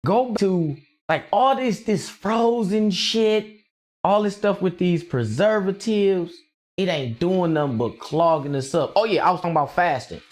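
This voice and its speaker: A man streaming casually, rambling excitedly with lots of slang and frequent laughter as he reacts to his chat. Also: sits high, unhurried. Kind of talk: casual livestream rant.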